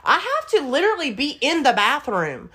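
A woman's voice: sits high, huge pitch swings, normal speed. Giggly young woman. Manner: laughs often, loud reactions. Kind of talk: casual chat.

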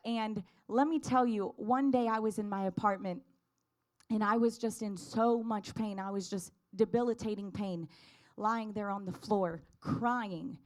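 A woman's voice: medium pitch, measured pace. A woman telling a personal faith testimony in an earnest, fervent way, building to emphatic declarations.

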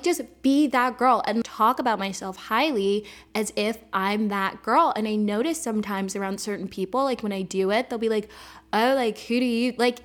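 Young female podcast host, bubbly and chatty, slightly high-pitched. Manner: chatty, bubbly, heavy use of "like". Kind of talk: casual solo podcast chat.

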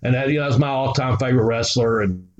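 A man's voice: medium pitch, quick pace, darkish tone, slight background noise. A man, a guest telling rambling stories and swearing freely. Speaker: guest, former wrestler. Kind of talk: casual storytelling. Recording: roomy, slightly dull recording.

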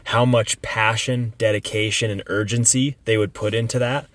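A young man talking in a casual podcast chat, his voice sitting a little low. He speaks with emphasis, swears freely and fills his talk with fillers and restarts. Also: level tone, normal speed, fairly bright tone, no echo. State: recovering from illness.

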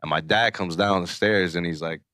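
A man hosting a podcast in a small studio, telling stories loudly, laughing and swearing as he goes. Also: low-pitched, a little fast, dry recording. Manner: loud storytelling, laughing, swearing. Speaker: podcast host. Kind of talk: casual chat.

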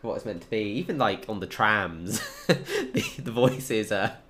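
A young man from England chats easily, with a deep voice and plenty of fillers. He laughs often as he talks. A faint background hiss sits under him. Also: very animated, unhurried. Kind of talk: casual chat.

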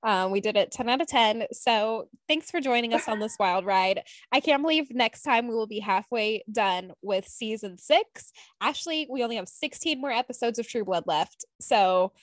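A young woman chats casually as a podcast co-host, teasing her friend and laughing often. Her voice sits high and bright, recorded dry and close with no room sound. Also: moderate pace, few pauses, dry recording. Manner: giggly, teasing, animated. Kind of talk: casual chat.

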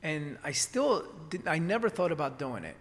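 A man with a slightly high voice recounts his past in a relaxed conversation. He rambles, restarting sentences and filling gaps with ums and "you know". A long reverb trails after his words. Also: normal speed. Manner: rambling, many restarts and fillers. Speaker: acupuncturist guest. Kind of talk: casual storytelling conversation.

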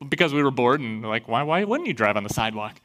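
A pastor from Iowa, a man giving a sermon and telling a personal story in a lively way, acting out the voices he quotes. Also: medium pitch, fast. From Iowa, USA.

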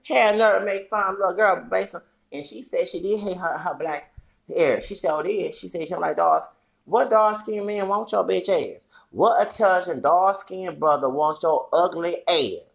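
High-pitched gravelly man ranting angrily. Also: fairly bright tone. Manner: profane, heated, rambling with bursts of laughter. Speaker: podcast host. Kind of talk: angry solo podcast rant.

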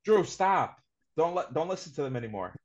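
A man's voice: fairly high pitch, big pitch swings, brisk. A man co-hosting a podcast in casual sports banter, emphatic and repeating himself to press a point. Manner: emphatic, repeats names and phrases insistently. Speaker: podcast co-host. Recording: slightly dull lo-fi podcast audio.

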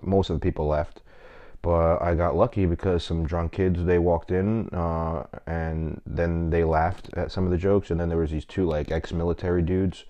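A man's voice: deep voice, warm tone, muffled recording. A man hosting his own podcast as a stand-up comic, rambling casually with lots of swearing and self-mocking asides. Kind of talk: casual solo podcast chat.

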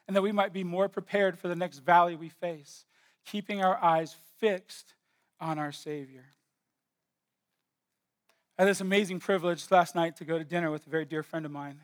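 High-voiced preacher man, emphatic repeats. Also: steady tone, normal speed, long pauses. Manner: emphatic, builds with repeated phrases. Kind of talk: sermon.

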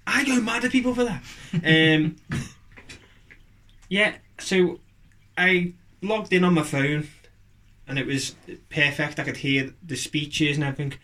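A man's voice: on the high side, a little slow, pauses often, sharp tone. A man chatting on a podcast, rambling and joking with lots of fillers and restarts. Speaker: podcast co-host. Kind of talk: casual chat.

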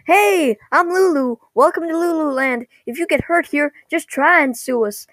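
A woman voicing a chirpy man in an apple mascot costume, squeaky and sing-song as she retells a cartoon. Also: normal speed, fairly bright tone, no echo. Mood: cheery.

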